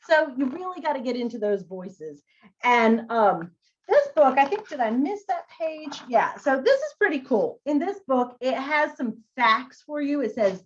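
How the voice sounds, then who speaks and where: A woman teacher and former librarian giving chatty, expressive tips on reading aloud to children. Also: high-pitched, measured pace. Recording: dull lo-fi audio.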